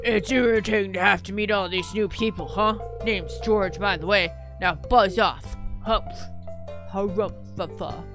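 A woman voicing a grumpy, rude old man in a farming video game, with a gruff and dismissive manner. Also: medium pitch, steady tone, a little slow, music in the background, close to an everyday voice.

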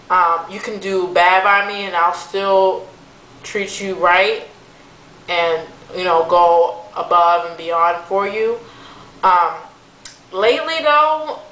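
A woman's voice: medium pitch, bright, forceful tone, reverberant, rough recording. A young woman venting to camera in a casual vlog, chatty and exasperated, with lots of fillers. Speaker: vlogger. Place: room at home.

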